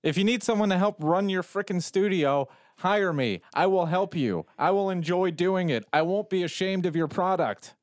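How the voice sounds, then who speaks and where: Man, podcast co-host, emphatic and exasperated, higher voice, dry close sound. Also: moderate pace, few pauses, no room sound. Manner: exasperated, emphatic, trails off mid-sentence. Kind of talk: casual podcast chat.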